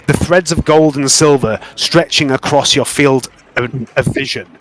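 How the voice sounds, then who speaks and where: A man narrating a tabletop game as game master in a slow, dramatic, descriptive way. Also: medium pitch, a little hiss or hum, poor audio.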